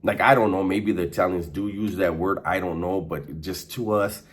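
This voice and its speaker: Deep-voiced man telling prison stories. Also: fairly even intonation, normal speed. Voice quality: profane, conversational. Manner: streetwise slang, frequent restarts and fillers. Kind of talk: casual storytelling monologue.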